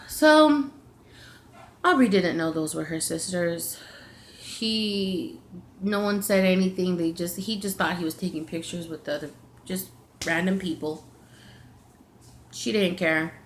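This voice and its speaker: A woman's voice: lowish voice, unhurried, pauses often, a little hiss or hum. Woman telling an emotional story. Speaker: vlogger. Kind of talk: personal storytime vlog.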